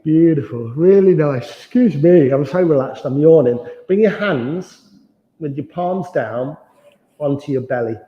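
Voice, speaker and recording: A man leading a guided yoga class, giving calm, slow, soothing cues for movement and breathing. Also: on the high side. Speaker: yoga instructor. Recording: dull, roomy sound with long reverb.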